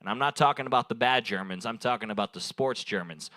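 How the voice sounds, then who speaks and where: A man's voice: medium pitch, brisk, fairly bright tone, no room sound. A young man doing rambling improvised stand-up at an open mic, taking audience suggestions and laughing at his own jokes. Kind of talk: improvised stand-up crowd work. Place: bar stage at an open mic night.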